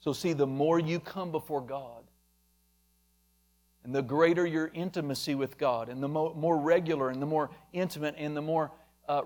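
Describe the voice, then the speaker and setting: A man's voice: a little high, a little mellow. A man preaching a sermon emphatically, calling out members of the congregation by name. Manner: emphatic, addresses listeners by name.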